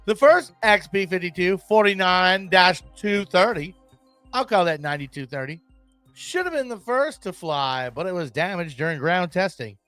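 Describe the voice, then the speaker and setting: A man hosting a casual solo podcast, rambling and excitable, with crude military-maintainer humor. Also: high voice, normal speed, no echo, soft background music. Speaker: podcast host.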